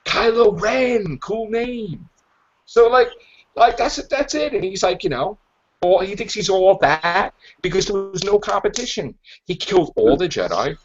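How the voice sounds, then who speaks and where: A man hosting a podcast in casual chat, rambling and acting out characters' lines in animated voices. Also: high-pitched, a little slow. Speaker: podcast host. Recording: dull lo-fi podcast audio.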